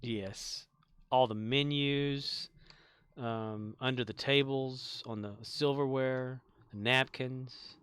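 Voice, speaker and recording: A man's voice: mid-range voice, steady tone, takes it slowly, a bit bright, clear, resonant tone, dry recording. A man chatting on a live game stream, joking loosely and laughing often. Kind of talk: casual live-stream chat.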